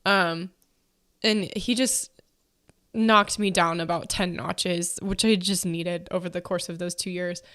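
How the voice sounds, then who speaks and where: A woman's voice: on the low side, steady tone, a little slow, fairly bright tone. Young pregnant woman hosting a podcast, rambly and chatty, lots of likes and ums. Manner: chatty, many fillers and likes. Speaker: podcast host. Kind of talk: casual faith-based chat.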